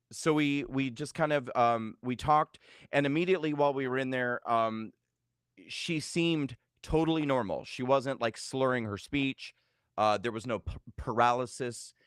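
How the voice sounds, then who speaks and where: A man's voice: medium pitch, a bit bright, smooth, no echo, clean studio sound. Hesitant man telling a family story. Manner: hesitant, many fillers and restarts. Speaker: vlogger. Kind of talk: personal storytelling to camera.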